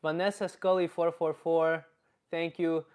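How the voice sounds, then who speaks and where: A man's voice: a little high, measured pace, clear, resonant tone, natural voice. A man playing a blunt, crude older Slavic uncle with a put-on Russian accent, chatting through a live comedy stream. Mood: chatty. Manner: blunt, deadpan, reading chat aloud.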